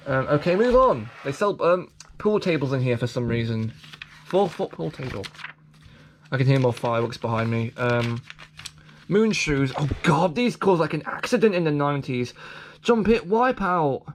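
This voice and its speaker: A man's voice: medium pitch, expressive, normal speed, slight background noise. A man rambling through a toy catalogue in casual commentary, stumbling over restarts and throwing in self-deprecating asides. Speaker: vlogger reviewing a toy catalogue.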